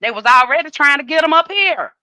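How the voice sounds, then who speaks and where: Woman, middle-aged, bright voice, profane animated storytelling, dry close sound. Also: sits high, fairly quick, no room sound. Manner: animated, profane, acts out dialogue. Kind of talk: casual storytelling.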